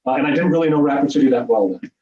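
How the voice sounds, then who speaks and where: Middle-aged man, quick, animated storyteller with self-deprecating humor, roomy far-off meeting-room sound. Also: medium pitch, slight background noise. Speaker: speaker at a meeting. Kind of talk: personal storytelling speech. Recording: echoey, distant, dull room sound.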